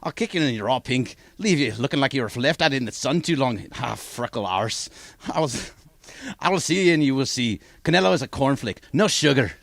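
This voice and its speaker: A man's voice: mid-range voice, animated, brisk, gravelly, no echo. A man doing a put-on Irish accent, voicing a brash adult fighter taunting a rival.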